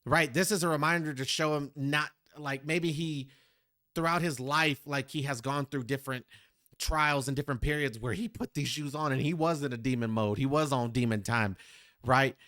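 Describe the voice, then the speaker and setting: A man's voice: a little high, steady tone, normal speed, pushed and bright, no room sound, studio quality. Man reacting to a rap track. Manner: reflective, talks directly to viewers. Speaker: music reaction host. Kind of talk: casual reaction commentary.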